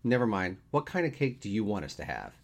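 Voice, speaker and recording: A man voicing a brisk, insistent young woman coworker in a read-aloud story. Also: fairly low pitch, big pitch swings, vocal fry, exaggerated voice.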